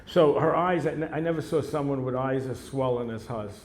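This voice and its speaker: A man answers as the guest of an onstage conversation at a live event. He tells his stories bluntly, with rough language. His medium-pitched voice rings in an echoey room. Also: fairly quick, a little hiss or hum. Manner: blunt, profane storytelling. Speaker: interview guest. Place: live event before an audience.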